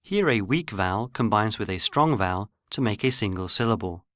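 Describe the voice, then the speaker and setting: A man giving scripted, measured narration for a pronunciation lesson. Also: on the low side, lively intonation, fairly bright tone, no room sound, studio quality. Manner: measured, explanatory. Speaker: language course narrator.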